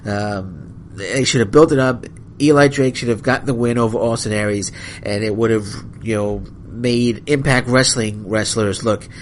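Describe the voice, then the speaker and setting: A man's voice: lowish voice, fairly even intonation, normal speed, slight background noise. A man hosting a solo wrestling podcast, ranting angrily and rambling with many restarts and apologies. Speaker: podcast host.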